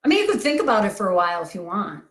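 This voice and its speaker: A woman coach giving a blunt, energetic motivational talk to camera. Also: medium pitch, rapid-fire, roomy sound. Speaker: coach for sensitive people.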